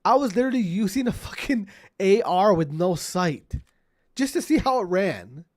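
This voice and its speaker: His voice sits high and is a little mellow, animated at normal speed, as he streams a game. The casual commentary is full of profane rants at teammates and repetition, with game gunfire in the background.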